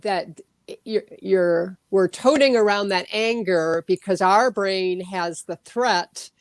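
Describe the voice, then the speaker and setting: A woman's voice: mid-range voice, slow pace, no echo. A woman interviewing in a casual discussion, asking hesitant questions with many restarts.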